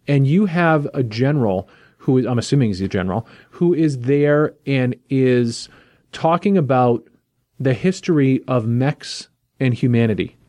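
A man's voice: mid-range voice, a little slow, dry recording. A man hosting a podcast talks easily and casually, scattering fillers as he sets up the next book. The sound is dry and close, with no room around it. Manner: relaxed, chatty, with fillers like "like" and "you know". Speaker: podcast host.

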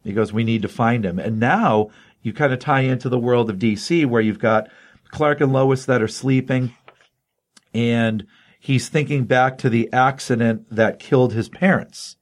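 A man hosting a casual comic book chat, excitedly retelling a story in a loose, rambling way. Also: mid-range voice, a little slow. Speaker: comic book podcast host.

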